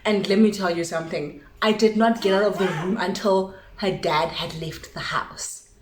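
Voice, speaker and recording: A young South African woman telling a story to her vlog audience in a lively way, acting out what each person said. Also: on the low side, normal speed, a little hiss or hum. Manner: animated storytelling, switching languages, acts out dialogue. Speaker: vlogger. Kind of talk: casual storytime chat. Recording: echoey room.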